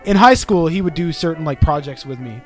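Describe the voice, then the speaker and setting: Fast-talking joking man. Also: a little high, animated, faint music behind. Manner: quick, joking, swears casually. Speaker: podcast co-host. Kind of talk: casual chat.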